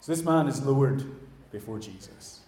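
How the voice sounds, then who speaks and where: A man preaching a sermon in a church, animated, acting out the voices he quotes and dropping to a hush at the ends of phrases. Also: mid-range voice, normal speed. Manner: animated, acts out quoted voices, trails off quietly. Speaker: pastor. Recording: echoey church room.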